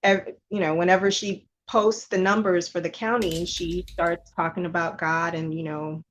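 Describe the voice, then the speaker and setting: A woman's voice: on the low side, flat delivery, moderate pace, a little hiss or hum, rough recording. A woman from Texas, a guest on a talk show, telling a story in casual conversation. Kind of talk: casual chat.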